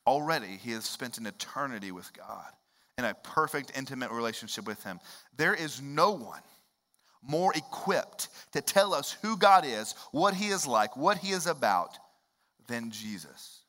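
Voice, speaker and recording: Bright-voiced preacher man. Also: mid-range voice, very animated, moderate pace. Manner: conversational preaching with sudden loud emphatic rises. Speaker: pastor. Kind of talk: sermon.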